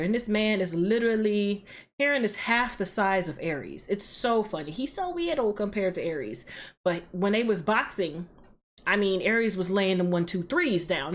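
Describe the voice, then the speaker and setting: A woman hosting a reaction video, recapping an episode in an animated, slangy, profane way. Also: mid-range voice.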